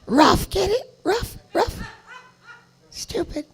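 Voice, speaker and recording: A man's voice: very high voice, expressive, slow, vocal fry, pitched above the performer's own voice, exaggerated voice. A man doing a yappy joke-telling pet dog. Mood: jokey. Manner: yappy punchline delivery, corny vaudeville timing. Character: wisecracking male pet dog telling corny jokes. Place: comedy club stage.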